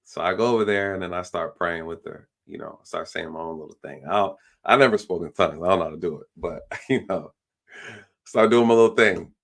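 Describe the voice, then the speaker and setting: Male police officer, low and gravelly, casual storyteller who acts out the other people's lines. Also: brisk. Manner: repeats phrases, fills with "you know" and "like". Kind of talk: casual storytelling on a live stream.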